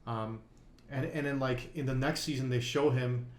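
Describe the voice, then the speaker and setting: A man co-hosting a poker podcast, telling a long story in loose casual conversation. He rambles, piles up fillers and false starts, and speaks at a middle pitch. His voice bounces around an echoey room. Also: fairly even intonation, moderate pace.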